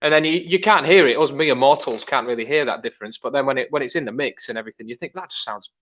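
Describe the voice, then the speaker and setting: A man's voice: medium pitch, fast talker, fairly bright tone, dull audio. A man, a guest musician rambling in casual chat.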